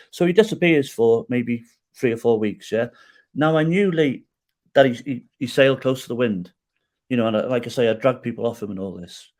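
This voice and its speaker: A middle-aged man telling a personal story as a podcast guest, acting out the quoted dialogue and checking in with the listener as he goes. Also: medium pitch. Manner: animated storyteller who acts out quoted dialogue and tags lines with "right?".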